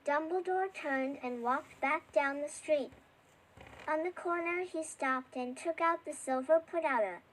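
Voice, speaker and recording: High-voiced woman narrating a storybook. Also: unhurried, fairly bright tone, poor audio. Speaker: audiobook narrator. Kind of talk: scripted narration.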